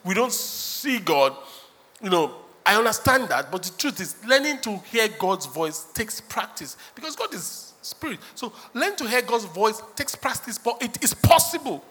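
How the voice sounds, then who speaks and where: Bright-voiced pastor preaching in a hall. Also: male voice, sits high, sing-song, moderate pace, slightly rough. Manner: humorous, acts out quotes, laughs often. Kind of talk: sermon. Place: church hall. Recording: reverberant hall.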